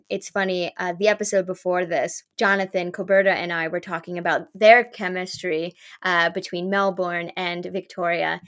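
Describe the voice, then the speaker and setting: A woman hosting a podcast she created, chatting in a casual, upbeat way with quick asides. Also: medium pitch, fairly bright tone. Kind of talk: casual interview chat.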